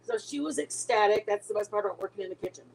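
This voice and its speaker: A woman's voice: mid-range voice, quick pace, gravelly, a little hiss or hum, poor audio. A middle-aged woman chatting casually with her viewers, telling a long story with many restarts and trailing thoughts. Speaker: livestream host.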